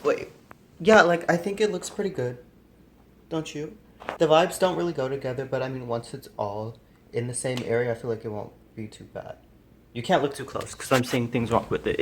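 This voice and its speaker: A man talks casually into a handheld phone while decorating his bedroom. His voice sits at an ordinary middle pitch, and he rambles and second-guesses himself with plenty of fillers. He sounds a little out of breath. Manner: chatty, rambling, self-deprecating, lots of fillers. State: slightly out of breath. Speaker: vlogger. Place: bedroom, indoors.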